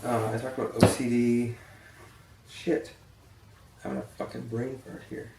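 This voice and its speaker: A man's voice: medium pitch, flat delivery, normal speed, creaky, dark tone, slight background noise. Casual vlogger, young man, tired and blunt, swears, rambles, set back from the mic in a roomy space. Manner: blunt, swears freely, rambling with many fillers. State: tired and yawning. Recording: echoey room, distant from the mic.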